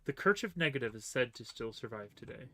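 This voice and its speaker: A man's voice: mid-range voice, expressive, fast, bright, forceful tone. A man streaming a video game, chatting casually with viewers and reading the game's text aloud. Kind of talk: casual let's-play commentary. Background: game music.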